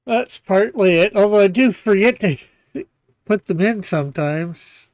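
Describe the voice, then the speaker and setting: A man with a notably high voice hosts a relaxed live stream, laughing often and reading out viewer comments. He speaks slowly and unhurriedly. The sound is dry and close, with no room around it. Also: dry recording. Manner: laughs often, reads chat messages aloud. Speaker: comic artist and stream host. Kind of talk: casual live-stream chat.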